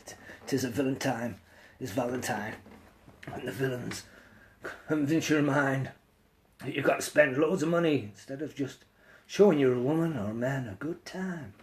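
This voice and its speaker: A hoarse, croaky man, hosting a casual live stream where he sings loudly and mumbles low asides. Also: normal speed, slight background noise. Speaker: live streamer singing with guitar.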